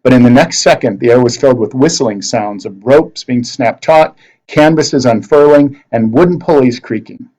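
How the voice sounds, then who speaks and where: A man at a middle pitch reads a novel aloud to his class. He narrates expressively, like a teacher sharing a chapter with students. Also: moderate pace, a little mellow, rough recording.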